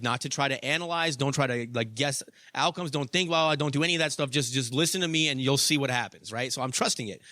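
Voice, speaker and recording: Bright-voiced man telling a wild story. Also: no room sound. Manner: animated, profane, swings from loud excitement to low asides. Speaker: podcast host. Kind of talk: casual storytelling monologue.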